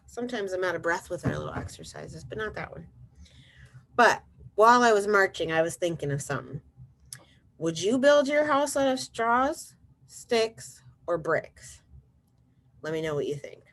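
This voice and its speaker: A woman's voice: lowish voice, sing-song, moderate pace. A young preschool teacher leads virtual circle time from home. She talks right to little kids in an encouraging way. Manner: bright, encouraging, talks straight to small children.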